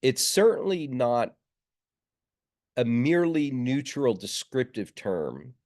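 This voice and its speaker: A man's voice: mid-range voice, very animated, a little mellow. Man lecturing over a video call. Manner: measured, with filler words and restarts. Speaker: seminary lecturer. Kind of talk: online lecture. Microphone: computer mic on a video call.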